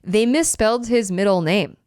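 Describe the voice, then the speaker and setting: A woman's voice: medium pitch, moderate pace, clear, resonant tone, no room sound, clean studio sound. A woman, hosting a casual podcast chat and telling stories with lots of fillers. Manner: animated storyteller, chatty with fillers. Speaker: podcast host. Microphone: studio microphone.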